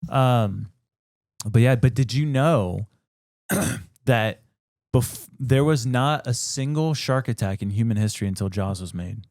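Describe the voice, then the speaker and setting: A man's voice: medium pitch, unhurried, darkish tone, dry recording. Teasing man podcast co-host, dry sound. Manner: teasing, speculative. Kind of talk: casual chat.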